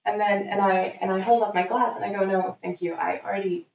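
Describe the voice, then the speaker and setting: A woman's voice: mid-range voice, fairly quick, gravelly, far from the mic, a little hiss or hum. A woman telling a funny story in casual chat, acting out what people said. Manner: lively storyteller acting out quotes. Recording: dull, roomy, off-mic sound.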